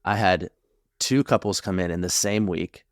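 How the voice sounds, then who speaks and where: A middle-aged man, a marriage therapist co-hosting a podcast, talking in a reflective, halting way with many restarts. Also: low voice, no echo, studio quality. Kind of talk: casual conversational podcast chat.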